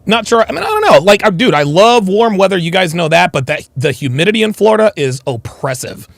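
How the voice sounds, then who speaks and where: A man's voice: sits high, big pitch swings, brisk, gravelly, no echo. A man hosting a casual livestream, reacting with mockery to a video and reading viewer comments aloud. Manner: mocking, reads chat comments aloud. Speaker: livestream host.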